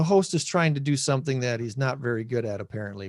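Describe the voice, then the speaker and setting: A Midwestern American man hosts a casual call-in podcast, rambling and correcting himself as he goes. His voice sits at a middle pitch. The sound is dry and close, with no room echo. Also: animated, fast, darkish tone. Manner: rambling, self-correcting, chatty. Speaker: podcast host. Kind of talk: casual chat. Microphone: video call.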